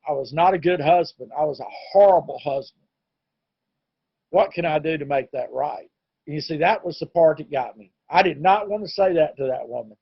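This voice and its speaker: A man's voice: sits high, dry recording, highs cut off. A middle-aged man telling his own recovery story in an earnest, plain-spoken way. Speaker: recovery meeting speaker. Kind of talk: personal testimony talk. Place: home, online meeting.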